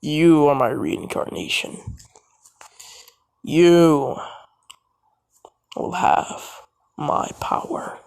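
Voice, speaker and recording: A man voicing a towering, ancient male alien warrior who gives slow, deliberate commands, in a fan-made audio story. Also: a little high, gravelly, clean tone, in a whisper, exaggerated voice. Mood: commanding.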